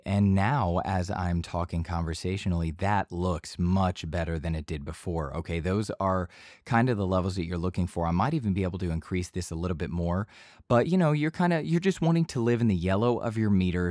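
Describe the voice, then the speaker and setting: Man, lowish voice, voice-over teacher, chatty and loose, dead-dry home booth. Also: fairly quick, no room sound. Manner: relaxed, talkative, repeats himself with fillers. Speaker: voice-over instructor. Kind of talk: casual tutorial explanation. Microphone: studio microphone.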